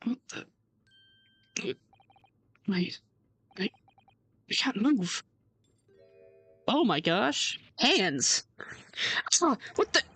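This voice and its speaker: Slow-talking playful woman streamer. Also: medium pitch, very animated, fairly bright tone, breathy edge. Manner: playful, chatty. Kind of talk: let's play commentary.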